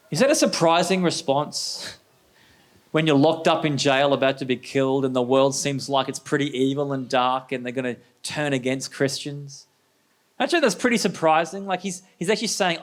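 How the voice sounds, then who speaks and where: A middle-aged pastor delivers a sermon in an energetic, conversational way. His voice sits a bit high for a man. He keeps asking the congregation questions. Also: normal speed.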